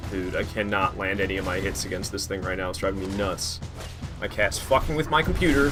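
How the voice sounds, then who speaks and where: Over faint game music, a man with a low, slightly quick voice streams a game, chatting loosely and cursing constantly. He rambles and reacts in a profane, excitable way.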